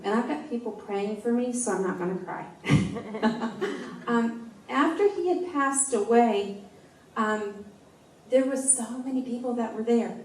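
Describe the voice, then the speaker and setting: A woman in her forties gives a personal testimony in an unhurried, heartfelt way, often stopping to restart a thought. Her voice is mellow and warm. She is picked up from some distance in an echoey church room, with faint room noise behind her. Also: fairly high pitch. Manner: halting, heartfelt, with frequent restarts. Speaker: speaker sharing a personal testimony.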